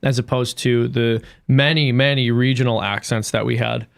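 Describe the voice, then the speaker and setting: A man's voice: mid-range voice, steady tone, moderate pace, gravelly. An American man chatting as a podcast guest, musing aloud at length with many restarts. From United States. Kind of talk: casual chat.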